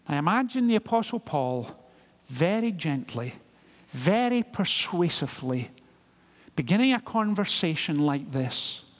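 A man's voice: a little high, very animated, a little slow. A male pastor preaching a sermon, full of rhetorical questions.

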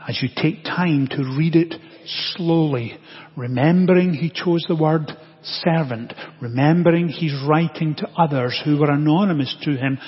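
Male pastor, slightly high voice, unhurried sermon delivery, long church echo. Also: husky. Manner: slow, deliberate preaching with long pauses, dropping to a hush. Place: church sanctuary. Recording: dull lo-fi audio with long church reverb.

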